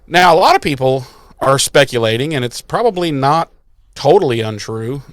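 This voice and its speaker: A man's voice: medium pitch, no echo, studio quality. A man co-hosting a podcast, ranting in casual chat with sarcastic, profane asides. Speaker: podcast co-host.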